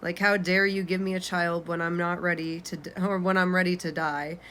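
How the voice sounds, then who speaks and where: A vlogger in her twenties reads her own journal aloud, candid and unfiltered, swearing casually. Her voice sits lowish with little pitch movement, moves at a normal speed and has a fairly bright tone. A slight hiss or hum runs underneath.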